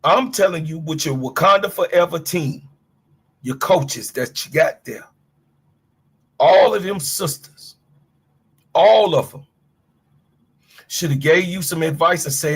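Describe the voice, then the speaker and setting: A man's voice: fairly high pitch, a little slow, long pauses, slightly rough. A middle-aged man from Chicago giving a fiery, profane sports rant to his livestream chat. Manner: fiery, profane, preachy, talks straight to chat.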